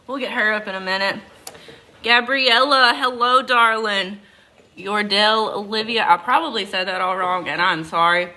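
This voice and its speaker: A woman's voice: mid-range voice, moderate pace, pushed and bright, rough recording. A tired woman with a Southern accent chatting casually on a livestream from a barn, greeting viewers by name while she works. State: tired from lack of sleep. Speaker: goat farmer hosting a livestream. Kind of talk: casual live-stream chat.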